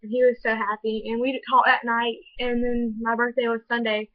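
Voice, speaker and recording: A woman's voice: fairly high pitch, level tone, moderate pace, dry recording. A teenage girl telling a personal story in a vlog, earnest and gushing, with many "like" fillers. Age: teens. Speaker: vlogger. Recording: dull lo-fi home video audio.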